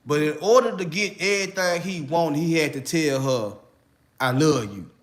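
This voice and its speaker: A man's voice: fairly high pitch, normal speed. A man from Memphis with a Memphis accent, an online relationship coach getting over a cold, giving casual video commentary full of slang and repeated fillers. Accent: Memphis, Tennessee. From Memphis, Tennessee. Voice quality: slangy, repeats "you know what I'm saying".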